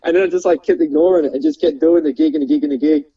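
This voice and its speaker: A man's voice: a little high, steady tone, racing, breathy edge. A young Australian man, a stand-up comedian, telling rambling stories with lots of fillers and frequent laughter. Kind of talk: casual storytelling chat. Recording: dull lo-fi sound.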